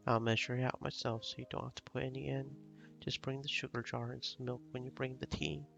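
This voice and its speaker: A man voicing a stubborn, fussy old village grandmother, with a slow, scolding and blunt way of talking. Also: medium pitch, flat delivery, vocal fry, a bit bright, dull audio, soft background music. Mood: bossy.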